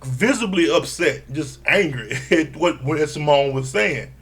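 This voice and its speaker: A man with a gravelly, creaky voice pitched a bit higher than most men. He talks through a reality show recap in a loose, animated way, swearing as he goes and acting out what each person said. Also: measured pace. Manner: animated, profane, acts out quotes. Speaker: reality TV reviewer. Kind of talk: casual recap commentary.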